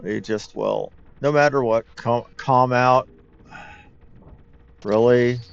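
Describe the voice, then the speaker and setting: A man's voice: medium pitch, fairly even intonation, takes it slowly, vocal fry, clear, resonant tone. A man hosting a let's play, giving chatty, wry commentary full of rambling asides. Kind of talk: casual gameplay commentary. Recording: dull lo-fi mic with game music.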